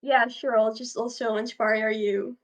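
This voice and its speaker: Higher voiced woman player, talks real slow, giggly, dull mic. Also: flat delivery. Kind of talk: casual tabletop play over voice chat.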